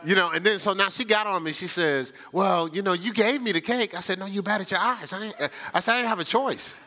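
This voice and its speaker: A man's voice: high-pitched, brisk, sharp tone. A man preaching a conversational sermon, telling stories in a folksy, chatty way and often repeating himself. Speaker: pastor. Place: church sanctuary.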